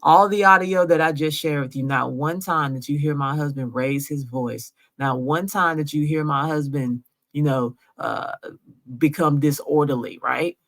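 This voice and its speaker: A woman's voice: deep voice, moderate pace. A woman from Georgia telling her story straight to camera, insistent and emotional, often checking in with her viewers. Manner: insistent, keeps asking "right?". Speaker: vlogger. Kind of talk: emotional direct-to-camera vlog.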